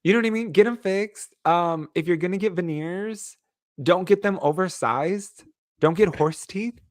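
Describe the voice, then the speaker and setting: A man co-hosts a podcast in a lively, joking chat, often laughing and handing out sassy tips. His voice sits fairly high, and the room sounds dry and close. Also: normal speed, no echo. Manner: animated, laughing, giving tongue-in-cheek advice. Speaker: podcast co-host. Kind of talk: casual chat.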